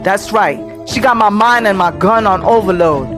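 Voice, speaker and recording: A woman performing a furious, violent emergency caller in a shouted, rhythmic spoken-word poem. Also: mid-range voice, animated, moderate pace, over music, natural voice. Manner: shouted rhythmic poetry delivery.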